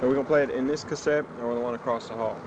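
A man's voice: medium pitch, fairly even intonation. A young man recording a rambling, chatty spoken letter home on cassette tape. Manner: rambling, chatty, with fillers and pauses. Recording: muffled old cassette tape with loud hiss.

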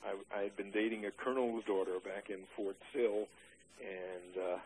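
An older man in an oral history interview, recalling his army days with dry humor and many halting "uh" restarts. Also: fairly low pitch, steady tone, darkish tone, slight background noise, low-quality recording.

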